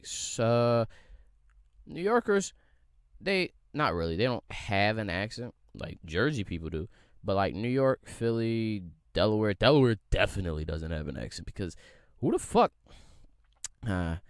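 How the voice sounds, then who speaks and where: Young Philly-man, solo podcast host, swinging pitch, dry close sound, cursing and rambling. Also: smooth, no room sound. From Philadelphia area. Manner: loose, profane, rambling, rhetorical questions.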